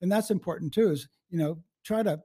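A man in his seventies chatting as an interview guest, rambling warmly through anecdotes with frequent restarts and chuckles. His voice is somewhat high-pitched yet soft and mellow in tone. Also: fairly quick, slightly rough. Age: 70s. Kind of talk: casual interview with storytelling.

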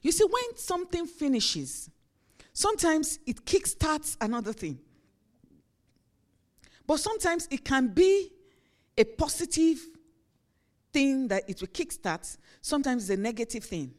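A woman's voice: sits high, big pitch swings, a little slow, long pauses. Woman pastor preaching conversationally. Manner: conversational preaching with acted-out everyday examples. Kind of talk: sermon.

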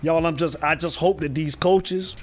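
A man's voice: fairly high pitch, steady tone, moderate pace. A man hosting a casual live stream about football, calling out viewers by name and repeating himself in a loose, drawling way. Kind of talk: casual live sports talk.

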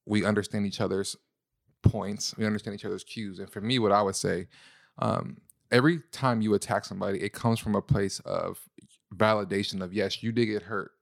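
A man co-hosting a casual relationship talk, telling stories in an animated way. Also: brisk, vocal fry, dry recording, studio quality. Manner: animated storyteller, jumps into a high falsetto to tease. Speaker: podcast co-host.

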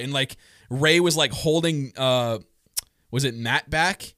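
A man co-hosting a podcast in casual wrestling chat, excitable and joking, often restarting his sentences. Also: medium pitch, takes it slowly, no echo, clean studio sound. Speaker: podcast co-host.

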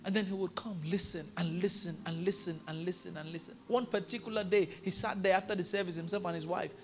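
A male pastor preaching a sermon in a church, telling a story and building to loud, emphatic declarations. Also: high voice, steady tone, fast talker.

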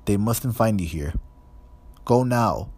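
Man voicing a big gruff gamekeeper, urgent. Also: deep voice, lively intonation, fairly quick, darkish tone, exaggerated voice. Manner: urgent, pleading. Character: huge gruff gentle male gamekeeper.

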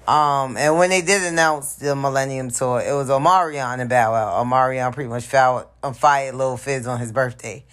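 A man runs through celebrity news on his podcast in a loose, joking way, full of slang and swearing. His voice sits in a middle pitch, and he laughs at his own takes as he goes. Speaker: podcast host. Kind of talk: casual celebrity gossip commentary.

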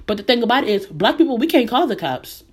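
A woman's voice: a little high, sing-song, fast, slightly rough. A young American woman hosting her own podcast, speaking with earnest emphasis and repeating phrases to drive her points home. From United States. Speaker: podcast host. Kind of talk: impassioned personal commentary.

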